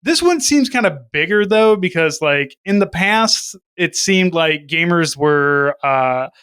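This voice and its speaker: A man with a bright, tense and crisp voice chats casually as a podcast co-host. He rambles, jokes and swears freely, and his voice sits a little high for a man. The sound is close and dry. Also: expressive, unhurried, dry recording. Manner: profane, rambling, jokey.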